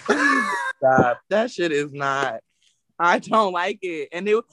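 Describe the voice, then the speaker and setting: Blunt, swearing woman with a low voice. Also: takes it slowly, no room sound. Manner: blunt, animated, swears freely. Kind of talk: casual explicit chat.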